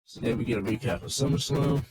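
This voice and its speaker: A man's voice: mid-range voice, fast, a little mellow, breathy edge, low-quality recording. A man casually recapping a wrestling show in a loose, rambling, swearing rant.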